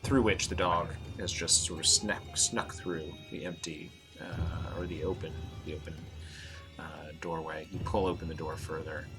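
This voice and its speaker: A man narrating as game master, hesitant with fillers and slowing down for dramatic description. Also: low voice.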